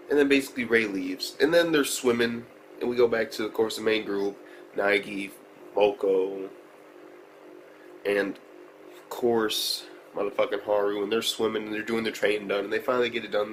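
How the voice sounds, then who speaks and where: A man casually reviewing an anime episode, talking in a rambling, slangy, heavily profane way that gets excited as he goes. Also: on the low side, moderate pace, a little hiss or hum, rough recording.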